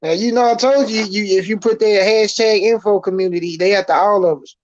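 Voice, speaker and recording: A man speaking as a guest on a live stream, blunt and slangy, stating his opinions flatly. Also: high voice, a little fast, no room sound. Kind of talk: casual live stream chat. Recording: dry, dull lo-fi call audio.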